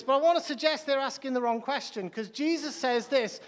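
A man preaching a sermon in a church, emphatic and repeating key phrases, with quick restarts. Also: very high-pitched. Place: large church hall. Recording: long reverb of a large church hall.

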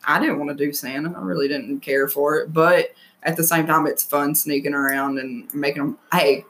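A woman's voice: deep voice, fairly even intonation, normal speed, a bit bright. A young woman co-hosting a podcast in casual chat, a mother who talks frankly in long run-on thoughts. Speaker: co-host.

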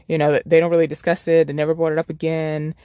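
A woman's voice: low-pitched, completely flat delivery, fast, dark tone, smooth, no room sound. A woman hosting a book review podcast, chatting casually and rambling with many restarts and rhetorical questions.

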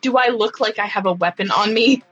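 A woman playing a tabletop game, talking playfully with a bright, high voice. The recording is a little dull, with faint music. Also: a little fast, husky. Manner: playful, laughing. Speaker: player. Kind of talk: tabletop role-play.

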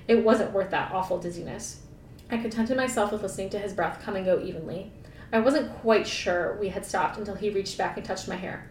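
A woman podcast co-host reading a novel aloud, breaking off for playful, sarcastic jokes. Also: darkish tone. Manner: playful, laughing, sarcastic asides. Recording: echoey room, mic at a distance, faint rumble.

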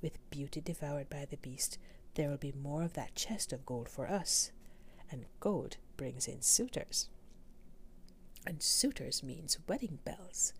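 A woman's voice: low voice, animated, unhurried. A woman voicing two spiteful, greedy young sisters as a whispered role-play, sneering in a whisper.

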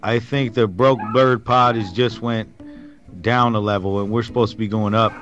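A man's voice: lowish voice, steady tone, normal speed, fairly bright tone, soft background music. A man co-hosting a podcast in casual chat, teasing and needling his partner. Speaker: podcast co-host. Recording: dull lo-fi audio.

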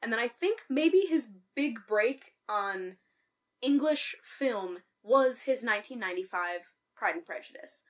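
A woman co-hosting a casual podcast chat, animated and swearing freely, with loud outbursts. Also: a little high, unhurried. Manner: animated, swears a lot, bursts into loud outcries. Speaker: podcast co-host.

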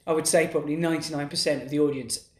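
A man's voice: fairly high pitch, steady tone, racing, darkish tone. A middle-aged man in casual podcast conversation, talking in loose, rambling sentences full of restarts. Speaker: podcast co-host. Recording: roomy echo.

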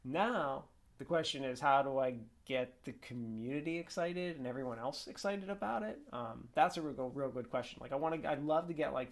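An upbeat man chats to a webcam at his desk in a loose, rambling vlog. He strings thoughts together with fillers and keeps circling back to fix his own sentences. His voice is mid-pitched and his manner is casual. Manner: rambling, upbeat, lots of fillers and self-corrections. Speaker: esports coach and vlogger. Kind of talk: casual vlog talk to camera.

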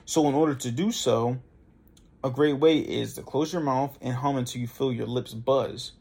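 Gravelly, husky young man coaching casually. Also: mid-range voice, normal speed, darkish tone. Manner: loose, conversational, demonstrates voice exercises. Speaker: podcast host. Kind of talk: casual instructional talk.

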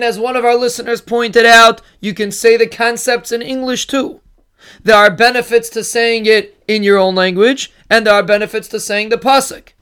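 A man with a strikingly high voice delivers an earnest daily Torah lesson. He keeps coming back to the same phrases and slows down to chant the verses. His tone is smooth and clear throughout. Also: fairly bright tone. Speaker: Torah teacher. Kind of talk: daily inspirational talk.

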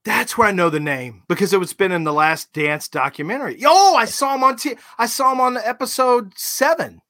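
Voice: medium pitch, a little fast, sharp tone, no echo. Eager podcast host asking questions. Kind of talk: casual interview chat.

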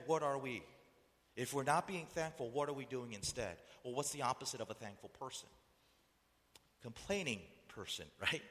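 A man with a mid-range, slightly bright voice preaches a sermon as a pastor. He repeatedly asks the audience rhetorical questions and acts out voices, and the sound echoes like a hall.

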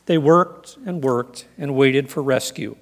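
A man preaching a sermon in an earnest, measured way, reading scripture and telling stories. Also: mid-range voice, long reverb tail. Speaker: pastor.

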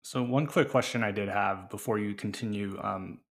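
A man's voice: lowish voice, moderate pace, gravelly. A man hosting a podcast, asking a guest a question in a hesitant way with fillers. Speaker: podcast host. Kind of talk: interview question.

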